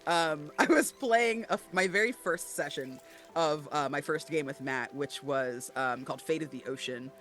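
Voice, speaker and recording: A man guesting on a podcast, chatting casually and telling animated, profane stories with frequent laughter. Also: on the high side, moderate pace, faint music behind. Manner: animated, profane storyteller who laughs often. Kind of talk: casual chat.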